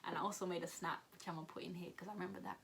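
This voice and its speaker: A woman's voice: fairly low pitch, fairly even intonation, racing, background noise. A young woman, chatting casually through a storytime vlog, retelling events with lots of fillers and acted-out quotes. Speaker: vlogger.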